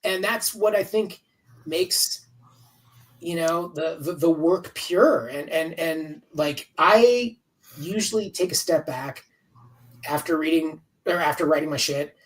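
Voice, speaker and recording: A man's voice: on the high side, takes it slowly, recorded from a distance, low-quality recording. A man in his fifties, a comics writer chatting as an interview guest over a video call, talking in a rambling, candid way and swearing freely. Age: 50s. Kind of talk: casual interview chat.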